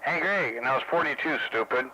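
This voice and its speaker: A man's voice: mid-range voice, lively intonation, fast talker. A man joining mocking, profane banter on a CB radio channel with a drawling delivery. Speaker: CB radio caller. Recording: muffled radio with loud background noise.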